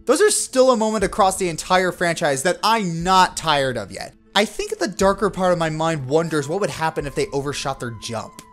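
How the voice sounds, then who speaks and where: A man's voice: fairly high pitch, moderate pace, few pauses, faint music behind. A man giving sarcastic, comedic commentary on video games. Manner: sarcastic, animated.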